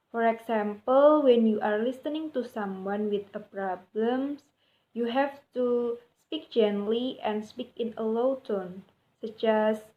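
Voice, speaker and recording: Young indonesian woman reading her class presentation super slowly, kinda high voice, muffled lo-fi audio. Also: warm tone. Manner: reads carefully, with small grammar slips. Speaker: student presenter. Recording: dull lo-fi recording.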